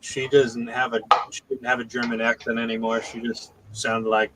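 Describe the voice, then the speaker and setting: A man's voice: mid-range voice, flat delivery, normal speed, background noise. A man chatting casually as a guest on a livestream, telling a family anecdote in an easygoing way. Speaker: guest on the stream.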